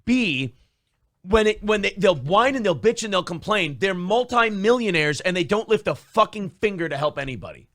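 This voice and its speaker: Man, talk show co-host, high bright voice, very lively pitch, sarcastic profane rant. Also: normal speed. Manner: sarcastic, mocking, often mimics others in shouted voices.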